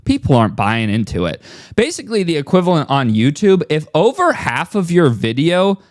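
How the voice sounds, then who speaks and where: A man's voice: a little high, wildly swooping pitch, normal speed, dry recording, studio quality. A man giving a mocking, incredulous reaction commentary on a streamer's clip.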